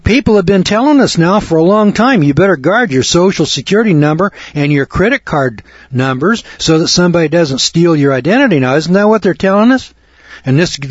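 A cocky man with a high voice tells a ranting story as a folksy monologue, playing both sides of a conversation and mimicking others in quotes. The recording is dry, dull and slightly lo-fi.

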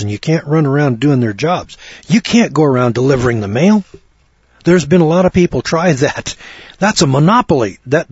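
Folksy male preacher, wry, husky voice, dry dull recording. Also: mid-range voice, darkish tone, no echo. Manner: folksy, wry, rhetorical questions. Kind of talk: folksy sermon on scripture.

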